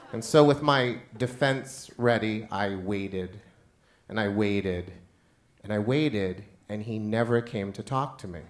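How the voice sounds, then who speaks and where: A man who is a teacher tells a wry, self-mocking personal story live on stage. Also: mid-range voice.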